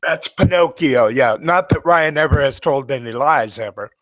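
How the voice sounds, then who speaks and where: A man's voice: mid-range voice, normal speed, fairly bright tone, dry recording. An older man on a podcast panel, joking drily in casual chat.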